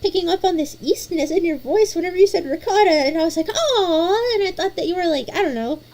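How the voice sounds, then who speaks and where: A woman hosting a casual chat, playful and animated, often stumbling over repeated restarts. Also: extremely high pitch, fast talker. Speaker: host.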